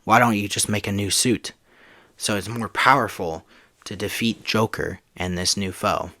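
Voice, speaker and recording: A man voicing a loyal older male butler who gives calm, polite advice while retelling a story. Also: lowish voice, normal speed, dry recording, studio quality, pitched below the performer's own voice. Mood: helpful.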